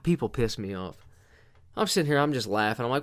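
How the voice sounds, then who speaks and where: A man's voice: mid-range voice, lively intonation, fairly quick. A man hosting a podcast, delivering a casual, profanity-laden monologue full of exasperation. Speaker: podcast host.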